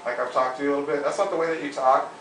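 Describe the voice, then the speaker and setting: A man's voice: on the high side, steady tone, rapid-fire, gravelly, fairly bright tone. A man coaching someone in a bossy, lecturing way. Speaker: dating coach. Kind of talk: mock coaching session. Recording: echoey room, from far off, faint noise.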